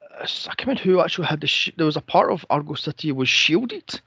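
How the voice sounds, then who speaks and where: A man's voice: a little high, lively intonation, quick pace, bright, forceful tone, slightly rough, no room sound, dull audio. A man co-hosting a movie podcast, chatting casually, swearing and mocking the film with silly impressions of its characters. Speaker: podcast co-host. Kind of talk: casual movie review chat.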